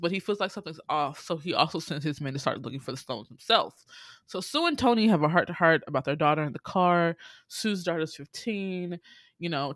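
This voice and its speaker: A young adult podcaster recapping a film in a casual, profane ramble, full of fillers, asides and quick laughs while quoting the characters. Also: medium pitch, a bit bright, dry recording. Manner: swears freely, laughs often, quotes characters.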